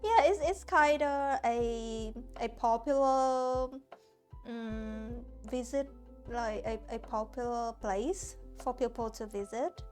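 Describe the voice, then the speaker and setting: A woman's voice: a little high, slow. A woman from Hanoi whose first language is Vietnamese, chatting casually with her viewers while painting on stream, often restarting and searching for words. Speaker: art streamer. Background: soft lo-fi music.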